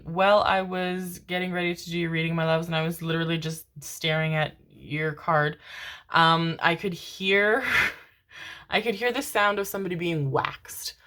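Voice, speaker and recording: A woman's voice: fairly low pitch, a bit bright. A woman giving a casual tarot reading to camera, affectionate and chatty, swearing casually and laughing often. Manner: affectionate, constantly calls viewers "my loves" and "my babies". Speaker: tarot card reader.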